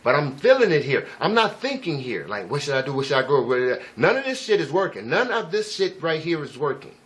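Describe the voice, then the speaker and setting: A vlogger tells a casual first-person story, rambling, profane and emphatic, constantly tossing in "you know what I'm saying." His voice runs on the high side with big pitch swings, fairly quick delivery and a slightly bright tone.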